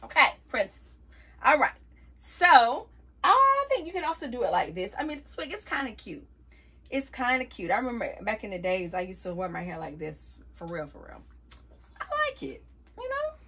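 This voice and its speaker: A woman's voice: fairly high pitch, expressive, normal speed, sharp tone, slightly rough. A woman vlogging a wig review in a casual, playful way, often calling viewers y'all. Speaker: beauty vlogger.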